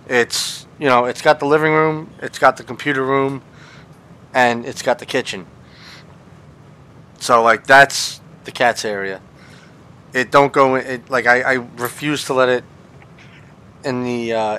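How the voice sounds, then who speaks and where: Bright-voiced, foul-mouthed male streamer. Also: medium pitch. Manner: laid-back, swears freely. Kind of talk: casual live-stream chat. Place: home.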